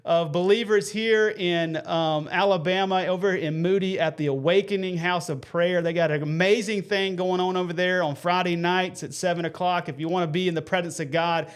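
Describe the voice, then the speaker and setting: A man, hosting a live faith stream with earnest, folksy talk and shout-outs to viewers. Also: high-pitched, steady tone, moderate pace, hardly any pauses, smooth.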